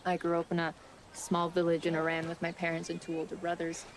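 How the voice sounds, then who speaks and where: An actress playing a quiet young woman in a TV drama, speaking softly and evenly. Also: on the low side, monotone, fast talker, slight background noise, lightly acted. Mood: subdued. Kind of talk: TV drama acting.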